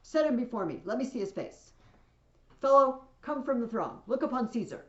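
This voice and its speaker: A woman reading aloud as a commanding male Roman ruler, proclaiming his lines loudly. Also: mid-range voice, big pitch swings, a little slow, reverberant, muffled recording. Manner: loud, proclaiming, theatrical.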